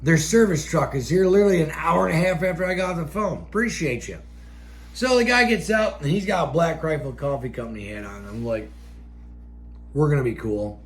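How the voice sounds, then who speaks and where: Foul-mouthed man ranting, voice fairly high. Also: animated, brisk. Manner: angry, swears constantly, flares into shouts. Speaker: show host. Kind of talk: profane ranting monologue.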